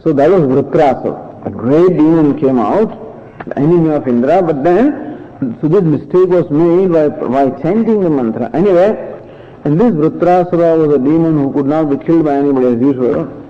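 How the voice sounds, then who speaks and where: A man teaching scripture in a patient, explanatory lecture, often pausing and restarting his sentences. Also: on the high side, lively intonation. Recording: dull lo-fi recording.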